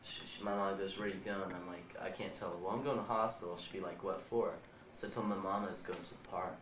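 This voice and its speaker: A man's voice: low-pitched, fairly even intonation, quick pace. Rambling, profane seventeen-year-old boy. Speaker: interviewee. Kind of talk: casual storytelling. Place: indoors in a house. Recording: roomy, distant, noisy 1990 home video.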